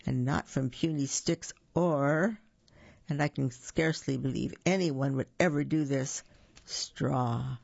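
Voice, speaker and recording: A storyteller voicing a nervous, squealing little pig in a storybook reading, with a creaky voice. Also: mid-range voice, slow pace, darkish tone, no echo, muffled recording, full character voice.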